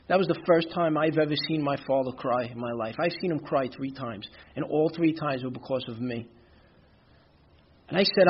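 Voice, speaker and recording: A man's voice: medium pitch, husky, muffled recording. A man giving a candid, rambling personal testimony at a recovery meeting, often saying "you know". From Brooklyn, New York. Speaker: speaker sharing his recovery story.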